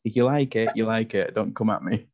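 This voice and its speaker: Speaking fairly quickly in a lowish, slightly mellow voice, a podcast host with a lisp chats and jokes casually, regularly tripping over his words. The recording has a dull, lo-fi podcast quality.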